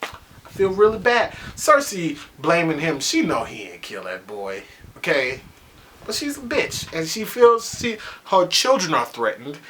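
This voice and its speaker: A man reviewing a TV episode in a casual, profane monologue, excitable and acting out his own reactions. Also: on the high side, a little slow, a little hiss or hum.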